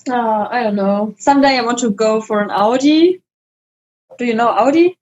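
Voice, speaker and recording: Female podcast guest, unhurried and chatty with easy laughs, slightly high voice over a dull lo-fi line. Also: a little mellow, slight background noise. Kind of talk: casual chat.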